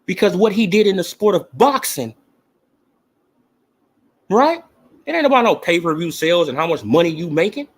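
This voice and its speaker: Here the host's voice is high and expressive, at a moderate pace broken by long pauses. He chats back to his audience on a casual boxing talk show, swearing a lot, using slang and getting worked up over his takes.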